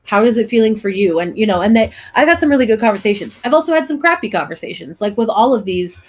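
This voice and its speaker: A young woman co-hosting a casual podcast, telling stories in an animated way, full of "like" and "um". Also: medium pitch, fast talker. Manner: animated storyteller, many "like" and "um" fillers. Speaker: podcast co-host. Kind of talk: casual chat.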